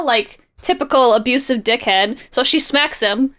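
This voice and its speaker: A woman's voice: fairly high pitch, normal speed, few pauses, fairly bright tone. A young woman co-hosting a podcast, chatting casually and sarcastically while recapping a comic, laughing often. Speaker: podcast co-host.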